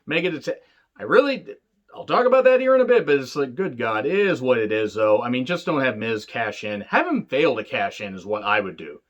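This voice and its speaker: His medium-pitched voice has a sing-song lilt and moves a little fast, with the highs cut off. He's a man doing casual wrestling-show reviews, heavy on swearing, jokes, sarcasm, and rambling.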